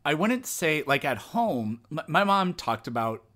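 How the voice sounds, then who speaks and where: A man's voice: fairly high pitch, big pitch swings, unhurried, bright, forceful tone. A man hosting a casual podcast conversation, reflective and thinking aloud as he talks. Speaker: podcast host.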